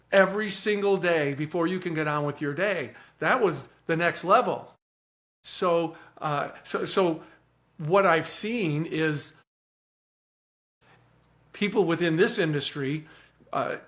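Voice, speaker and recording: A man speaking as a podcast guest, telling stories in an earnest, animated way and often repeating words as he starts a thought. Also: fairly high pitch. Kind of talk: reflective storytelling.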